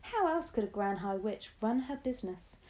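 A woman's voice: medium pitch, animated, normal speed, dark tone, natural voice, poor audio. A woman voicing a shrewd, determined old grandmother who speaks firmly and knowingly. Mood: confiding.

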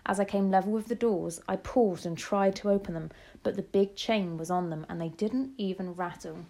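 A woman narrating a children's story in the first person, dramatic and expressive. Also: mid-range voice, moderate pace, creaky. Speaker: audiobook narrator.

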